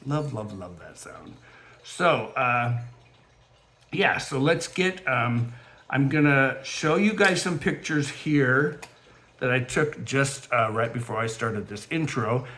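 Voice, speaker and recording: A man's voice: medium pitch, slow pace. A man hosting a beading channel, chatting casually from home in a rambling way with lots of fillers, his voice quivering with emotion. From California. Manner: rambling, warm-hearted, many fillers. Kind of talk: casual chatty vlog intro. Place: home, near a fountain and wind chimes.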